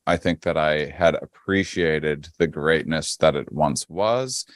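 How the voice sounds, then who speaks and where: A man with a deep, low-pitched voice chats as a podcast guest, unhurried and soothing in his rhythm. He often stumbles and repeats words before settling into a thought. The sound is close and dry, with no room around it. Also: dry recording. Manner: slow, calm, grounding cadence; hesitant restarts, repeated words. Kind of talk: casual chat.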